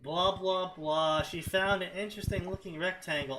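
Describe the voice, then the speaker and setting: A man with a bright, fairly high voice reads fanfiction aloud in unhurried, casual stream commentary. He skims whole passages with mocking "blah, blah" asides, and a faint hiss of noise sits under the recording. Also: steady tone, poor audio. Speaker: co-host reading fanfiction aloud.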